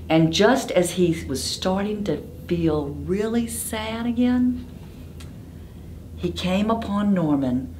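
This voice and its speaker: Woman, storytime reader, slow, lively up-and-down delivery, asks children questions, faint background noise. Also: medium pitch, echoey room. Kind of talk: reading a picture book aloud to children.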